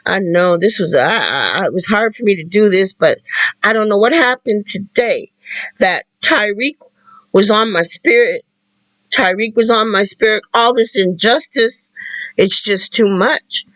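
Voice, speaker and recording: Tearful host, halting and emotional. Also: mid-range voice, lively intonation, fairly bright tone, no echo, poor audio. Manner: halting, repeats phrases. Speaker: livestream host. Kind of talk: emotional spoken-word livestream talk.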